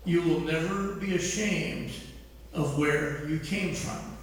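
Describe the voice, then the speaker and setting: A man's voice: a little high, takes it slowly. A man speaking as his earnest older mother, in an echoey hall from a distant mic.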